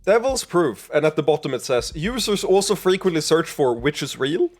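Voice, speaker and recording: A man's voice: on the high side, animated, normal speed, soft background music. A man streaming a video game, chatting casually, swearing a lot and reading game text aloud.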